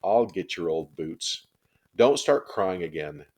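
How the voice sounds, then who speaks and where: A man's voice: low-pitched, lively intonation, slow pace, darkish tone, heavily acted. A man voicing a big schoolboy on traffic duty who talks crossly and grudgingly. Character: grumpy schoolboy traffic patrol, big and reluctant.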